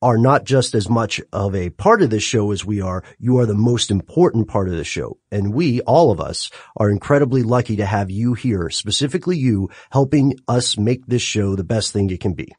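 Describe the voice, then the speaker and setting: A man co-hosting a podcast in casual chat, animated and quick to laugh. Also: on the low side, husky, no echo, studio quality. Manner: animated, laughs often, lively emphasis. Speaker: podcast co-host.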